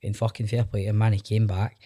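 A middle-aged man with a Glaswegian Scottish accent, chatting as a podcast guest. He tells animated stories, laughs often and swears freely. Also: fairly low pitch, fast. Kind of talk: casual chat.

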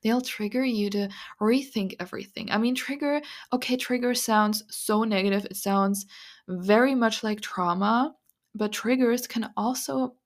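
A woman hosting a podcast, talking through spiritual advice in an earnest, confiding way, with many "like"s and soft breathy asides. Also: fairly high pitch, unhurried. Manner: earnest, confiding, full of "like" and "you know". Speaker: podcast host. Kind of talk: casual spiritual monologue.

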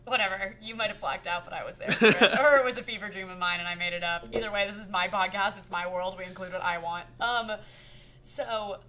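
Playful young woman podcast host, bright. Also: medium pitch, fairly even intonation, brisk. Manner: playful, teasing, laughs often. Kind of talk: casual podcast chat.

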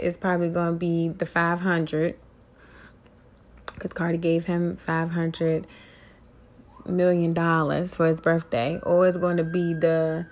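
A woman hosting her own podcast, riffing on celebrity gossip in a brash, profane, mocking way. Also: lowish voice. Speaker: podcast host. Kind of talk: casual gossip commentary.

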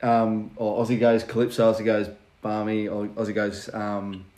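A man's voice: on the low side, completely flat delivery, normal speed, a little mellow. A young man hosting a casual interview, asking questions hesitantly with many fillers and restarts. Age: young adult. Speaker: host.

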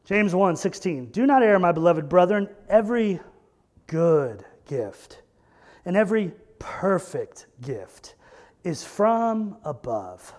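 A man preaching a sermon, earnest and emphatic, repeating key phrases and building to loud peaks. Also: sits high, very animated, takes it slowly. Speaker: pastor.

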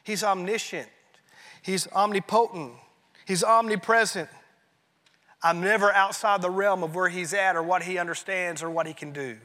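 A man preaching a sermon as pastor, emphatic and rising, then dropping to a hushed tone on key phrases. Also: high voice, fairly even intonation, moderate pace, long reverb tail.

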